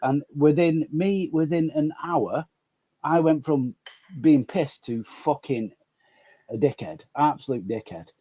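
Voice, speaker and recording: Husky manc guy rambling on a live chat, mellow low-key tone. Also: slow. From Manchester area. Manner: rambling, apologetic, sweary. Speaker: guest caller.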